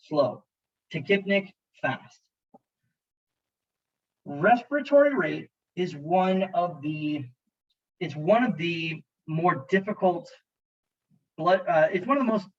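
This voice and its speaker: A man's voice: sits high, slightly rough, highs cut off. A man teaching as an EMT instructor, narrating a slideshow lecture in a jokey, conversational way and talking to students directly.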